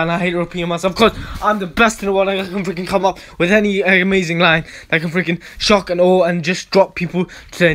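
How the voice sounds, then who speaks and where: A man's voice: high-pitched, a bit bright. Man ranting in a repetitive preachy vlog. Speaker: vlogger. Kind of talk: rambling casual monologue. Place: at home.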